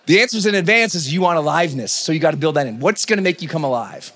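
Energetic high-voiced male motivational speaker. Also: fast. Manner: energetic, shouting bursts, laughing asides. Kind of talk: live motivational talk. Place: large event stage before a crowd.

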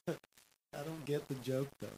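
A man's voice: fairly high pitch, dark tone, low-quality recording. A man in casual chat, playful and questioning.

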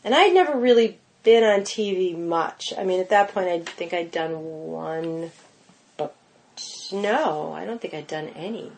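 A middle-aged woman, a pastry chef guest on a podcast, telling lively anecdotes full of "like" and "you know". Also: fairly low pitch, a little slow, a little hiss or hum. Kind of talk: casual interview storytelling.

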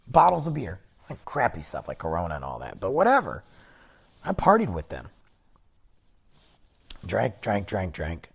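A man's voice: a little high, gravelly, breathy edge. A man hosting a podcast, telling a long personal anecdote in a loose, rambling, casual way with plenty of fillers. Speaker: podcast host. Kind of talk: casual storytelling.

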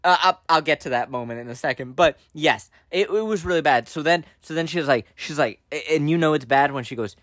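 A young man on a podcast tells a school story, slipping into the voices of the people in it. His voice sits a little high and sounds bright, and the recording is dry and close. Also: a little fast, few pauses, no echo. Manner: animated, acts out the people in his stories. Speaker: podcast co-host. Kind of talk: casual storytelling chat.

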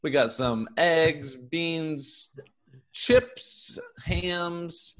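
A man's voice: a little high, extremely slow, fairly bright tone. A man co-hosting an improv comedy podcast, describing a scene setting at an easy pace.

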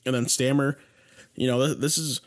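A man's voice: mid-range voice, steady tone, normal speed. A man co-hosting a casual sports podcast, sounding stuffed up and congested, with a laid-back, rambling way of talking. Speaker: podcast co-host.

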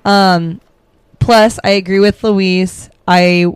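A woman's voice: medium pitch, fairly even intonation, slow pace, clear, resonant tone, no room sound. Hesitant woman co-host, dry sound. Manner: hesitant, searching for words. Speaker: podcast co-host. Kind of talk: casual movie review chat.

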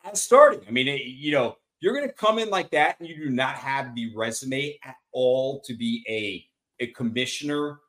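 A man co-hosting a sports podcast, joking and swearing in casual chat. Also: medium pitch. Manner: animated, joking, profane. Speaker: podcast co-host.

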